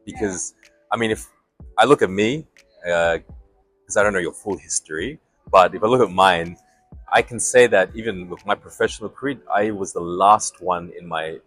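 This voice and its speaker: A man, a company chief, talking in a relaxed, thoughtful way as a guest in an interview. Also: low-pitched, no echo, faint music behind. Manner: thoughtful, reflective, with pauses and restarts. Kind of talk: casual interview chat.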